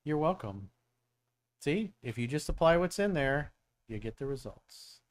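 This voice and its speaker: Unhurried, with a slightly high voice and lively intonation, a middle-aged South Florida man hosts a laid-back live-stream Q&A. A dating coach and show host, he responds bluntly, swearing often and leaning on stories.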